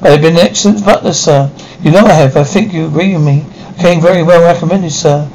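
An actor plays a robot butler, proud of his service and stiffly proper. His lines are formal and quick, in the style of late-1950s television drama. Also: fairly high pitch, a little mellow, slight background noise, close to an everyday voice, poor audio. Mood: protesting.

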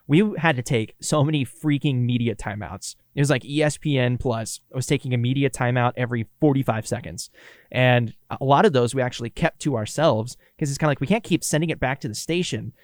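A man's voice: medium pitch, brisk, no echo, clean studio sound. A man from Kansas with a Kansas accent, co-hosting a radio recap in casual, rambling chat with easy laughs. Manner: chatty, laughs easily, rambling restarts. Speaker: radio co-host and producer.

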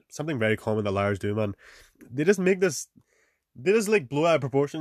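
A young man talks quickly in a loose, casual way, throwing in fillers, swears and "man" all the time. His voice sits at a medium pitch and sounds dry and close, with no room around it. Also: expressive, dry recording. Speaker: podcast host. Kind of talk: casual advice monologue.

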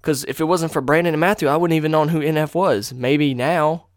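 A young man hosting a casual storytelling podcast at home, talking in an excitable, rambling way and swearing freely into a microphone on a box. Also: a little high, brisk, no room sound, clean studio sound. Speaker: podcast host. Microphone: desk microphone on a box.

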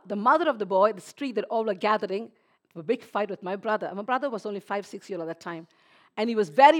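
A woman preaching a sermon, swinging from hushed, near-whispered lines to loud, excited exclamations. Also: fairly high pitch.

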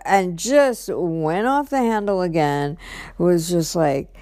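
A woman's voice: lowish voice, expressive, slow pace, no echo, studio quality. A woman telling an emotional personal story in a rambling way, often repeating "I'm like" and trailing off. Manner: restarts and trails off, quiet at times. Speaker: vlogger.

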